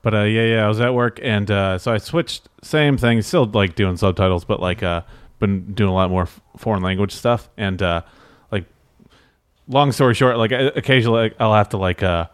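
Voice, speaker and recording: A man's voice: fairly low pitch, moderate pace, clean tone, no echo. A young man co-hosting a casual podcast chat, rambling with lots of fillers and frequent laughter. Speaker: podcast co-host.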